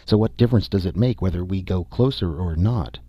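A man's voice: deep voice, brisk, dry recording. A man voicing a nervous, shortsighted explorer. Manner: nervous, murmuring. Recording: dull dry recording.

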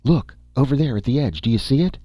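A man's voice: medium pitch, lively intonation, fast talker, mellow, no echo, soft background music, pitched above the performer's own voice, close to an everyday voice. A man voicing a young woman crew member, earnest and anxious, speaking up eagerly. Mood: excited.

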